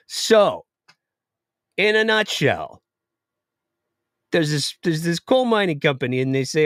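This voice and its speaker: A man's voice: a little high, dry recording, studio quality. Sarcastic man hosting a politics show. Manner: sarcastic, animated. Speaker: political podcast host. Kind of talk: live political commentary.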